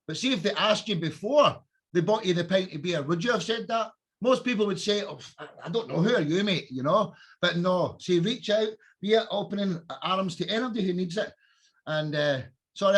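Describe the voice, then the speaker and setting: A man's voice: high voice, fairly bright tone. A man hosting a podcast, talking in an impassioned, preachy, emphatic way. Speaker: podcast host. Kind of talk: casual chat.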